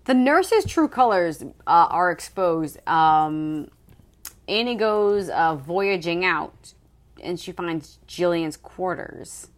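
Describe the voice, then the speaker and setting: A woman casually recapping a novel with a friend, swearing freely and acting out the characters in quick voices. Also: lowish voice, expressive. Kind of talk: casual book recap chat.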